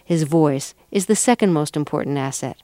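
A woman radio host, reading a measured introduction and asking questions. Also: low-pitched, mellow, dry recording. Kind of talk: scripted introduction and interview.

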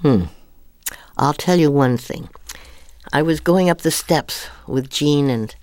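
An older actress telling rambling, animated anecdotes in a casual interview, laughing often. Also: female voice, low-pitched, slow pace, dry recording, studio quality. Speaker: guest actress.

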